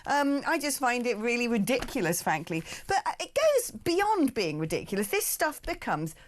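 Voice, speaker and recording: A woman hosts a talk radio show with a fairly high, very lively voice that swoops up and down. She talks briskly and indignantly and drops sarcastic asides. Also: slight background noise.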